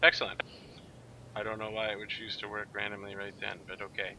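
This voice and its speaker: A man acting as game master, calmly narrating and making rules calls with dry asides. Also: on the low side, fast talker, slight background noise, rough recording. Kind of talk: running a tabletop game.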